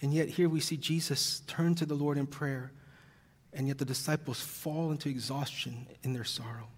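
A man's voice: medium pitch, steady tone, normal speed. A male pastor preaching an earnest, heavy-hearted sermon, audibly emotional at times. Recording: long reverb of a large hall.

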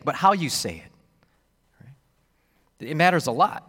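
A man preaching a sermon, expressive and repetitive, acting out the voices he quotes. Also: on the high side, normal speed, pauses often, long reverb tail. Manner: expressive, acts out quoted voices, repeats words. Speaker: pastor.

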